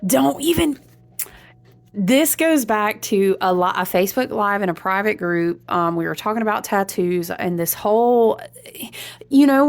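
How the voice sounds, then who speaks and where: A woman talking casually to viewers in a spiritual vlog, animated and chatty, drifting between topics and often breaking into high exclamations. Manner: speaks to viewers as friends, slangy and warm-hearted. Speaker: tarot reader.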